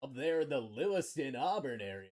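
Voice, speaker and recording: A man from Maine with a Maine accent hosts a live card-breaking stream, calling pulls with energetic, slangy banter and shouting over big hits. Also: mid-range voice, brisk. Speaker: card-breaking livestream host. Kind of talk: excited live sales commentary.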